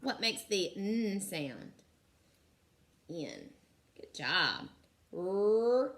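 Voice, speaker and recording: A woman teacher giving a phonics lesson to young children, sounding out letters slowly and clearly and praising often. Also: mid-range voice, sing-song. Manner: encouraging.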